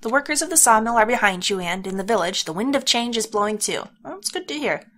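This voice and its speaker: A woman's voice: fairly high pitch, expressive, quick pace, a bit bright. A woman reading the lines of an earnest male sawmill worker who rallies people against local rulers, in her own near-plain voice. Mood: rallying. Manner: earnest, rallying. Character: earnest middle-aged male sawmill worker, rabble-rousing.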